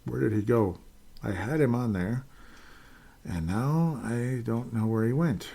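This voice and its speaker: A man's voice: medium pitch, unhurried, creaky, warm tone. A man hosting a casual solo sports podcast, rambling along with frequent fillers and restarts. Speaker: podcast host.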